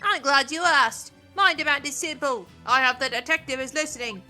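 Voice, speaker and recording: A woman's voice: high voice, normal speed, pushed and bright, faint music behind. A woman voicing a gloating female villain who holds hostages, mocking and threatening. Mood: menacing.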